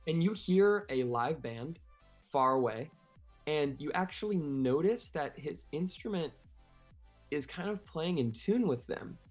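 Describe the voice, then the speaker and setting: A man's voice: a little high, animated, faint music behind. A man narrating an improvised tabletop game as game master, rambling with many fillers. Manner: rambling, filler-heavy, fast.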